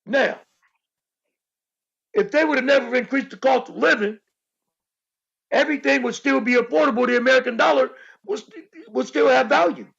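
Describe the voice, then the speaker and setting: A man co-hosting a casual talk show, explaining his points emphatically and repeating them for stress, with a raspy voice. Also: extremely high pitch, normal speed, long pauses, a bit bright, lo-fi sound. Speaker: co-host. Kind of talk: casual podcast discussion.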